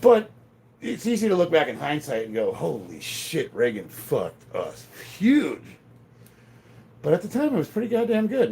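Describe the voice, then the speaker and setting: Brief: gravelly fifties male gym vlogger, lively delivery, blunt and profane, faint room hum. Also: a little high. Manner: profane, blunt, laughs often. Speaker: strength training vlogger. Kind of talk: casual rambling chat while lifting. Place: home gym.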